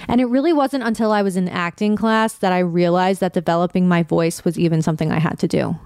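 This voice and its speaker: A young adult woman hosting her own podcast, talking candidly and casually, with a light vocal fry and the odd curse word. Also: on the low side, fairly even intonation, fast talker, darkish tone, no room sound, studio quality. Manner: candid, conversational, swears casually. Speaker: podcast host. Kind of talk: personal podcast monologue.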